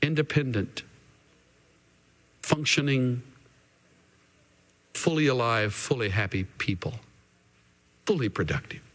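A male pastor delivers an earnest sermon at an unhurried pace. His mid-range voice leans hard on repeated phrases. The sound rings with the long reverb of a church hall. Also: mid-range voice, animated, fairly bright tone.

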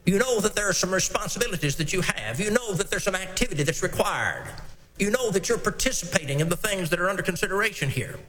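A man preaching an expository sermon, slow and emphatic as he works through scripture verse by verse. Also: high-pitched, animated, a bit bright, a little hiss or hum. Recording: long reverb in a hall, faint ambience.

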